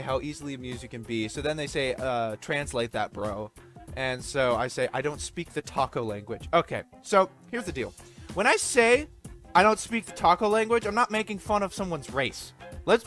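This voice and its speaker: A man's voice: on the high side, a bit bright. A man commenting over gameplay footage, ranting bluntly, swearing freely and explaining himself at length. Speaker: gaming video creator.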